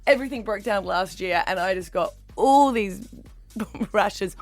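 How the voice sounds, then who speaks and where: A woman co-hosting a casual radio show, chatty and animated, laughing often as she tells stories. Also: mid-range voice, unhurried, soft background music. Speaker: radio co-host. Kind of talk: casual chat.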